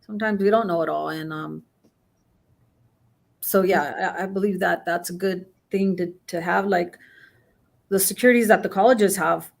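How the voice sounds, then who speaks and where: A woman's voice: on the low side, normal speed, creaky, pauses often. A middle-aged woman guest in casual chat, telling a long story with many restarts and fillers. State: has the hiccups.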